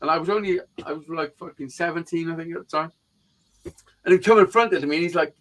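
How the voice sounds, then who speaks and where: Male host, slightly higher voice, swearing storyteller, animated quotes. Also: fairly quick, low-quality recording. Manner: profane, animated storyteller who acts out quotes. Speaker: live stream host. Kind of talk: casual chat, storytelling.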